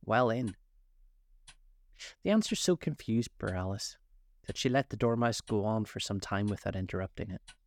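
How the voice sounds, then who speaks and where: A man narrating a storybook in a calm, measured reading. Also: fairly low pitch, dry recording.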